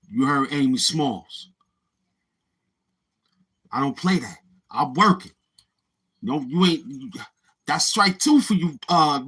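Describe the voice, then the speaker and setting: A middle-aged man from Brooklyn, New York, accent intact, reads his livestream chat and responds casually in streetwise slang, repeating himself as he goes. His mid-range voice is a bit bright and slightly rough.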